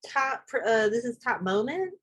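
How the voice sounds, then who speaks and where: A woman guest-hosting a podcast in casual chat, animated and swearing casually. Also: fairly high pitch, unhurried, breathy edge. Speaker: guest host.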